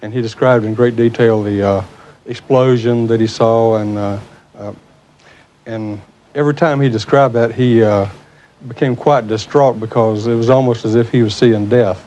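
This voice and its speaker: A man working as an aviation official, speaking in an interview in a measured way with "uh" pauses. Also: medium pitch, fairly even intonation, warm tone, highs cut off, slight background noise.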